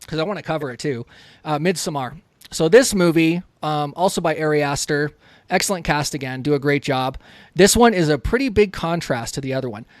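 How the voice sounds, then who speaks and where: A man's voice: on the high side, no echo. A man co-hosting a podcast, chatting casually and profanely about horror films and acting out scenes in quotes. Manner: profane, excited, retells scenes in quoted voices. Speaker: podcast co-host. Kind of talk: casual film discussion.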